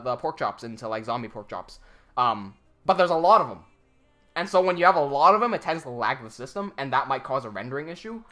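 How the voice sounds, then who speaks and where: A man with a fairly high, sharp-toned voice hosts a casual animation livestream, answering viewer comments. He rambles, laughs often, and uses many fillers and restarts.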